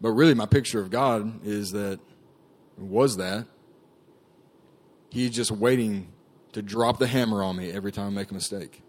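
A man's voice: lowish voice, normal speed, long pauses, a little mellow. A man giving a personal testimony to a group, telling his story casually with lots of fillers. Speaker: ministry staff member giving testimony.

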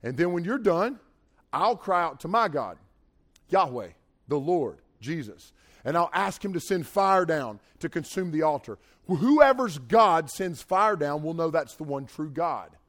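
Bold, brash bearded prophet, loud challenger; a male preacher acts him out in a slightly high voice. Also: big pitch swings, measured pace. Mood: challenging. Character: bold bearded prophet, trash-talking man.

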